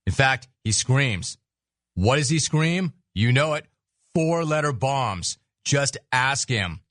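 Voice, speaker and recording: A man hosts a sports talk radio show, riffing sarcastically and mocking his subjects at a quick clip. His pitch sits in the middle of the range. The sound is dry and close to the mic. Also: animated, a bit bright, no room sound. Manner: sarcastic, mocking, rapid riffs.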